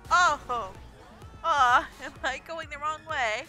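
Woman streamer, bright piercing voice, unhurried, cursing at traffic, game music faintly underneath. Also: high voice. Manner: brash, profane, yelling at other drivers; laughs often. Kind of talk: casual gameplay commentary.

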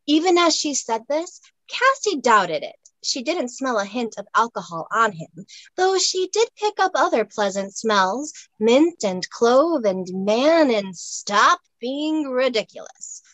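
A woman's voice: on the high side, expressive, measured pace, fairly bright tone, no echo, poor audio. Woman author narrating her own romance. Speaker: author reading her novel. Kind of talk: audiobook-style narration.

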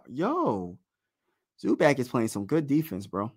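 Excited fan host calling a basketball game. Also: male voice, mid-range voice, measured pace, breathy edge. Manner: excited partisan, slangy, talks to chat. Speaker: livestream play-by-play host. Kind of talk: casual live fan play-by-play.

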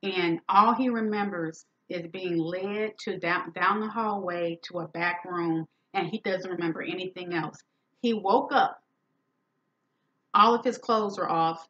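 A podcast host with a fairly low, rather bright voice tells a story unhurriedly in a storytelling monologue. She sounds emphatic and indignant, acting out the quoted dialogue on her talk show, and the recording is dull and lo-fi.

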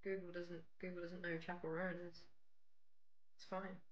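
A woman's voice: on the low side, flat delivery, normal speed, muffled recording. A young British woman chatting casually with her viewers while baking on a livestream. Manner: chatty, rambling, talks to chat. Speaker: streamer. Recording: faint music behind.

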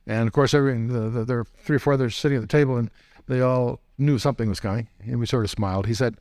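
A man's voice: mid-range voice, fairly even intonation, rapid-fire, darkish tone. A man giving a teaching lecture as a Bible teacher, posing rhetorical questions and dropping wry asides. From United States.

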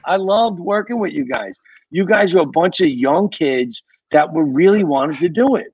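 Casting note: New man, retired fire captain, gravelly, rambling storyteller, dry lo-fi podcast sound. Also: fairly high pitch, lively intonation, moderate pace, darkish tone, no echo. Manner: rambling, repeats words, tells war stories. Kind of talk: casual storytelling.

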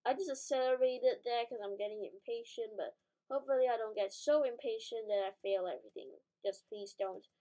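A woman's voice: fairly high pitch, fairly quick, mellow, poor audio. A woman giving casual, rambling gameplay commentary, correcting herself as she thinks aloud, with sudden startled outbursts. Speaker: gaming channel host.

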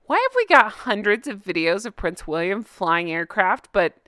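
A woman's voice: medium pitch, big pitch swings, moderate pace, sharp tone, no echo, studio quality. A woman co-hosting a casual commentary show, reading out social media posts and reacting with amusement. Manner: amused, laughing often. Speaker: co-host.

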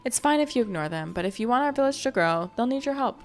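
A woman reading a brisk, teasing villager who shows a newcomer around in a cozy game. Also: fairly high pitch, animated, soft background music, voice pushed up, lightly acted.

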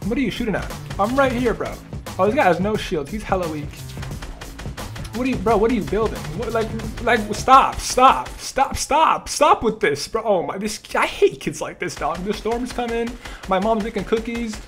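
A man's voice: high-pitched, expressive, moderate pace, a bit bright, soft background music. A young man giving live gameplay commentary, joking, trash-talking opponents and laughing often. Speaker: gaming YouTuber.

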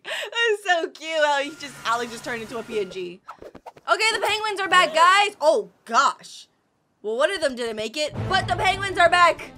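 Lol young woman reacting to a vid, super high and swoopy, exclaims a lot, loud music behind. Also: normal speed. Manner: excitable, exclaims and laughs often. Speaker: reaction video host. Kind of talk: casual reaction commentary. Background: video soundtrack music playing.

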